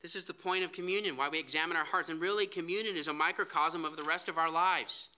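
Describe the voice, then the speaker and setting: A man's voice: on the high side, fast talker, sharp tone. A man preaching a sermon, earnest, reading scripture aloud. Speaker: pastor.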